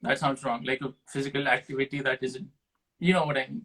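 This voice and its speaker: A young man from Pakistan, a talk show guest, answering rapid-fire questions in a casual, self-deprecating way, often thinking aloud. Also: medium pitch, level tone, fairly bright tone, low-quality recording.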